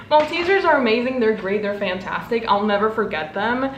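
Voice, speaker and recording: A woman in her twenties, a book vlogger, gushing and gasping with excitement as she unboxes gifts. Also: fairly high pitch, normal speed, echoey room, a little hiss or hum.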